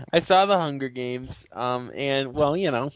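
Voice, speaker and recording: A man's voice: medium pitch, takes it slowly, fairly bright tone, no echo. A man co-hosting a podcast, brashly joking and swearing in casual chat. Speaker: podcast co-host. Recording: dull lo-fi podcast audio.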